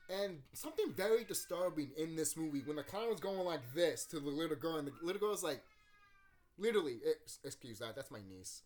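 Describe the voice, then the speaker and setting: A man's voice: a little high, animated, fairly quick, darkish tone. A man hosting his channel, talking casually from a room at home about a movie, swearing often, laughing and acting out scenes. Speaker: YouTube channel host. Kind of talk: casual movie review rant.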